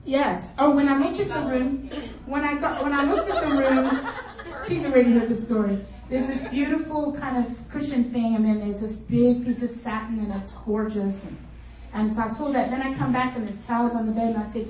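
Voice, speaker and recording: A middle-aged woman tells a comic story at a luncheon, chatty and animated and often laughing. Her voice sits a little high. She sounds distant, with echo and steady room noise around her. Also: a little fast. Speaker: luncheon speaker. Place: conference luncheon hall. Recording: echoey hall from far off, room noise.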